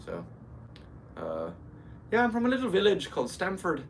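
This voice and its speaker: A playful, exaggerated fake Irish brogue, put on by a man in his thirties. The voice rides well above his normal low register and comes out loud and bouncy. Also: huge pitch swings, normal speed, slight background noise, exaggerated voice. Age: 30s.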